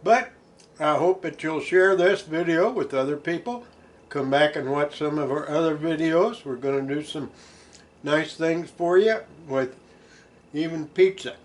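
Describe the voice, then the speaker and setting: A man's voice: a little high, unhurried. A man hosting a home cooking show, talking in a folksy, chatty way while he tastes the food. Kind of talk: casual cooking demonstration.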